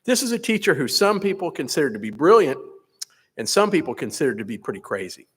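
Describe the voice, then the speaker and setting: Man, commencement speaker at a podium, expressive lively delivery, big reverberant hall. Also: a little high, breathy edge. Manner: measured, earnest address. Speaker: faculty senate president. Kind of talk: commencement speech. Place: large hall. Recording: echoey hall PA recording.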